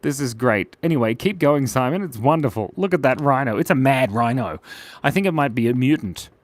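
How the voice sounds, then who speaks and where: A man's voice: mid-range voice, lively intonation, brisk, no echo. A man hosting a live drawing stream for kids, talking in a playful, silly, chatty way as he draws. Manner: playful, silly and chatty, with giggles and little voices. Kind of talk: casual live drawing commentary.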